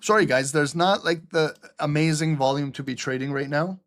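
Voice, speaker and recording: A man's voice: fairly high pitch, normal speed. A middle-aged man hosting a live trading stream, blunt, sarcastic and profane, with typing heard behind him.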